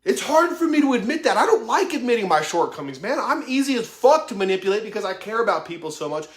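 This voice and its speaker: A man's voice: high-pitched, big pitch swings, quick pace, reverberant. A man in his thirties giving an impassioned motivational monologue, swearing heavily in a raw, emphatic way. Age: 30s. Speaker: vlogger.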